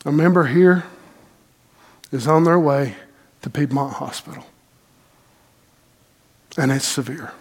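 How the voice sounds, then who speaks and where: A middle-aged man preaches a sermon, telling stories in a folksy, animated way. His voice sits a little high, and he leans on dramatic pauses. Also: slightly rough. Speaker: pastor. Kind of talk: sermon storytelling.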